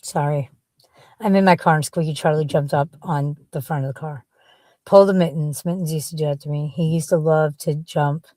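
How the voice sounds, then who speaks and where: A woman's voice: sits low, steady tone, brisk, warm tone, no room sound. A woman chatting casually from inside her car, rambling bluntly and swearing freely. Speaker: vlogger. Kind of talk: casual chat.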